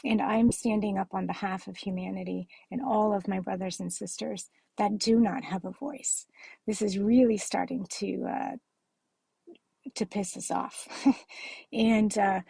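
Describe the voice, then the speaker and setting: A woman talking straight to her viewers in a tearful, upset way. Her voice is gravelly and a little husky, with many halting filler sounds. The recording is close and dry. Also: mid-range voice, steady tone, warm tone, no echo, poor audio. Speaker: spiritual vlogger. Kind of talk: emotional direct-to-camera appeal.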